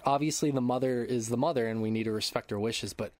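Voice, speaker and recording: Swearing, animated male podcast host. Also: medium pitch, fast, no echo, studio quality. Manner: animated storytelling, swears freely, acts out shouts. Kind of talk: casual chat. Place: home room. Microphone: close podcast mic.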